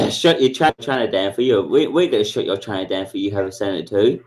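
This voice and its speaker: A man's voice: fairly low pitch, fairly quick. A man hosting a casual livestream chat, sweary and blustering, often repeating himself. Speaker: livestream host.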